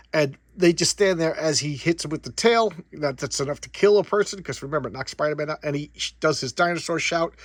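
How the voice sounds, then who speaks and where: A middle-aged man talks his way through an old comic, rambling and stammering over his words. His voice sits a bit high, and it is recorded dry and close. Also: dry recording. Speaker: comic book collector host. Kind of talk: casual comic review.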